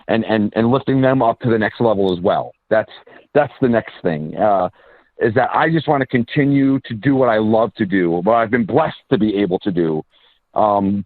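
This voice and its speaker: A man, an independent filmmaker and actor, telling stories in a casual interview with quick asides and restarts. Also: lowish voice, no echo. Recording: tinny phone-line sound.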